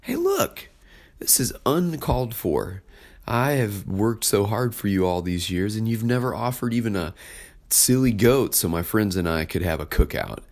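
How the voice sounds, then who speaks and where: A bitter, hardworking older brother airs his grievances in a tone of indignant complaint, as a man puts him on. The voice sits a little higher than the speaker's deep natural register but keeps its low weight. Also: animated, a little slow, darkish tone.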